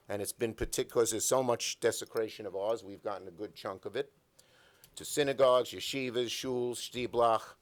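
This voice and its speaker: An older man, an elected official, giving an emphatic speech at a breakfast event, telling stories and stacking up repeated phrases at a podium microphone. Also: mid-range voice.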